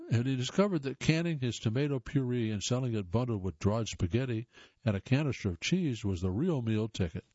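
A talking tomato tells its own story, voiced by a man reading aloud. The tone is mellow and relaxed. The sound is dry and slightly muffled. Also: medium pitch, no room sound, close to an everyday voice. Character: talking tomato narrating its history. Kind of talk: read-aloud first-person piece.

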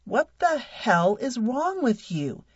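A woman's voice: a little high, sing-song, takes it slowly, slightly rough, no room sound, dull audio, voice pushed up, full character voice. A woman voicing a patient, mild-mannered husband in a spoken story. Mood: bewildered. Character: patient husband, adult man.

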